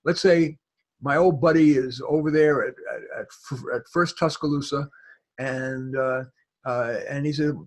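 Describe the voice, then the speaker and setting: Husky man rambling through advice. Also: mid-range voice, fairly even intonation, unhurried. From New York. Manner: rambling, many restarts and fillers. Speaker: guest expert. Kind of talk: casual advice on a video call.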